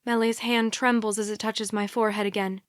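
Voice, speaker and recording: A woman narrating a young adult thriller audiobook in a quiet, measured first-person reading. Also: medium pitch, flat delivery, dry recording, studio quality. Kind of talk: scripted narration.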